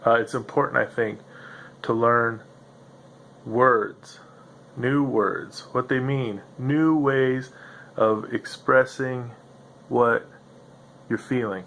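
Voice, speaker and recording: A man's voice: mid-range voice, fairly even intonation, slow, creaky, pauses often, a bit bright. A man hosting a solo podcast, musing in a meandering, self-interrupting way with a slightly nasal voice. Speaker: podcast host. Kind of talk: rambling solo monologue.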